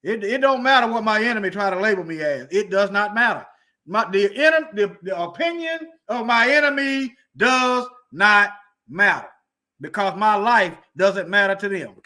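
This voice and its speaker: Male online commentator, high bright voice, heated and preachy, repeats himself for emphasis. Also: expressive, moderate pace. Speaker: commentator reading news. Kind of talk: heated commentary on news articles.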